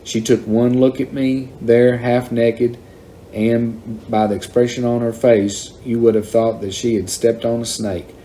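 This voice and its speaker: A man reading a children's novel aloud in a plain, unhurried storytelling manner. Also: medium pitch, level tone, mellow, a little hiss or hum. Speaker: reader.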